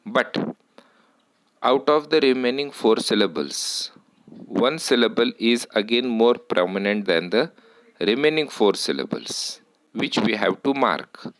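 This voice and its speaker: A man teaching a lesson on word stress, speaking deliberately, repeating words and correcting himself as he goes. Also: lowish voice, a bit bright, no room sound.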